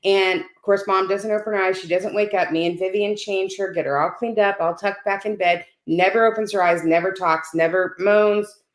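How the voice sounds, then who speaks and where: A woman telling a personal story as a guest on a video call, animated and often checking in with "right?". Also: medium pitch, moderate pace. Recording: roomy echo.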